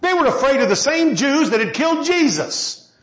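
A man preaching with a high, lively voice that rises to shouts and falls to quiet. He is heard in a roomy space on a slightly dull recording. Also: normal speed. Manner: impassioned, swings from loud shouting to low quiet. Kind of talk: sermon.

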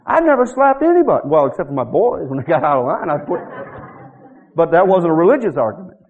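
High, lively-voiced male preacher. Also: quick pace. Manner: animated storytelling, acting out quoted voices. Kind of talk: sermon. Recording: muffled lo-fi recording.

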